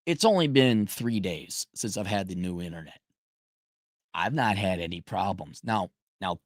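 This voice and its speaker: A man's voice: mid-range voice, very animated, a little slow, no echo, studio quality. A man hosting a show, delivering a profane, sarcastic ranting monologue. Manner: sarcastic, swears a lot. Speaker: podcast host.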